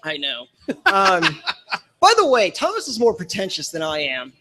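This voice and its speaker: A slightly higher-voiced man, guesting on a casual podcast. He tells his story with animated energy, slipping into the voices of the people in it and laughing along the way. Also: unhurried, a crowd in the background, poor audio. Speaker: podcast guest, supporters group founder.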